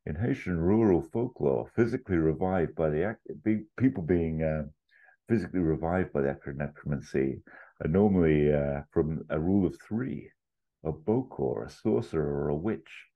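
A man's voice: a bass voice, moderate pace, phone-quality sound. A man doing an impression of an elderly, fussy, know-it-all scholar who is someone's father. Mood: lecturing. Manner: impression of a famous actor.

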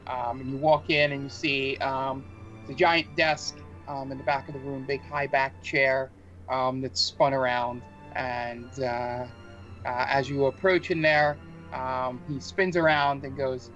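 A man's voice: mid-range voice, flat delivery, unhurried, fairly bright tone. A man narrating a tabletop game as game master, hesitant with many fillers. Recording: dull muffled sound with faint music.

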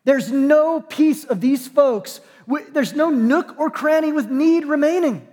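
Guy pastor with a high voice, jokey casual sermon, big church echo trailing off. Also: a little mellow. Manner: conversational and joking, with dramatic slow pauses. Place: church sanctuary.

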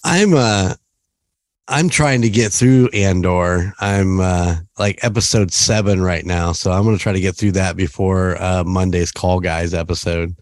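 A man's voice: low-pitched, unhurried, dry recording, studio quality. A man hosting a podcast from home, chatting casually and rambling with frequent laughs. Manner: rambling, laughs often, restarts. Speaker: podcast host. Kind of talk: casual chat. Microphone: remote call setup.

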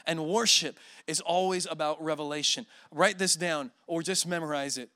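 A man's voice: a little high, steady tone, moderate pace, few pauses, bright, forceful tone, clear, resonant tone, no echo, clean studio sound. A man in his forties preaching a sermon as a guest speaker, telling emotional stories with self-deprecating humor.

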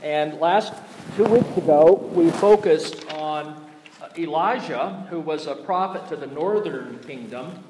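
Slow Southern-accented pastor in echoey sanctuary. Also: male voice, fairly high pitch, darkish tone, a little hiss or hum. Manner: slow, deliberate delivery with folksy asides. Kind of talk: sermon and scripture reading. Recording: echoey church hall, mic at a distance.

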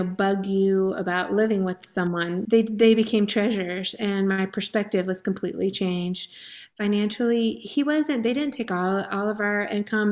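A woman in her forties, guesting on a faith-based talk show, shares her personal testimony in a medium-pitched, slightly mellow voice. She tells her story earnestly and emotionally, at times laughing and at times tearful.

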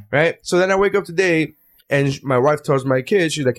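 Fast-talking, profane man telling stories. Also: a little high. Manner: profane, animated storytelling with quoted voices. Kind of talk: casual chat.

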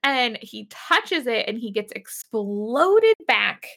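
Young woman host, laughing and swearing, bright voice, a bit high. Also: slow, gravelly. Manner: giggly, swearing, animated retelling. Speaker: podcast co-host. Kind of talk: casual episode recap.

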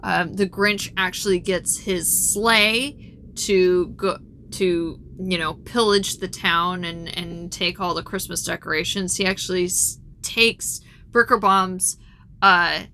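A woman's voice: lowish voice, fairly even intonation, slow pace, pushed and bright, a little hiss or hum. A woman retelling a film's plot in a casual, rambling chat with frequent ums. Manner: chatty and rambling, lots of ums.

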